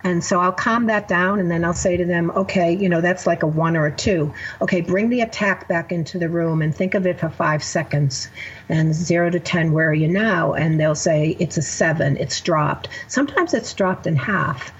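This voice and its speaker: A woman's voice: fairly low pitch, moderate pace, dull audio, slight background noise. A woman therapist guest on a podcast, explaining her method step by step with examples. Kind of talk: podcast interview.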